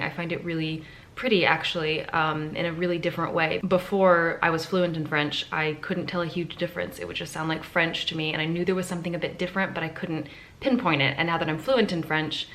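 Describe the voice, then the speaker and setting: A woman's voice: sits low, a bit bright. A woman talking casually to camera in a hotel room, chatty and enthusiastic as she thinks aloud. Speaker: travel vlogger. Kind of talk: casual vlog talk to camera.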